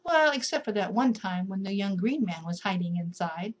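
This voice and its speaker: A woman's voice: mid-range voice, normal speed, lightly acted. A woman voicing a polite, curious young male rabbit who speaks eagerly. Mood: earnest.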